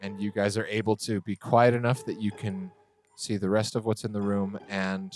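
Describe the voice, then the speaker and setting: A man narrating a tabletop game as game master, relaxed and a little hesitant. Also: lowish voice, moderate pace, soft background music.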